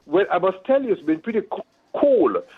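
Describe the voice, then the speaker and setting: A man's voice: high-pitched, very animated, a little fast, slightly rough, no echo. A man from Jamaica with a Jamaican accent, a consumer radio presenter chatting casually as a phone guest, explaining patiently and laughing easily. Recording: dry, tinny phone line.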